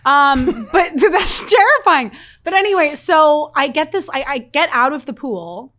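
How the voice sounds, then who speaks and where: With a voice that sits high and a measured pace, this thirty-something woman recounts a story on the podcast she co-hosts. The chat is casual, and she pokes fun at herself with animation while swearing freely.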